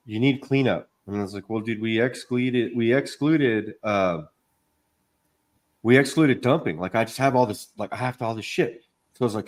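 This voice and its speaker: Rambling, cussing contractor guy. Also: on the low side. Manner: rambling storytelling, swears a lot, acts out quotes. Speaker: podcast co-host, contractor. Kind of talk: casual chat.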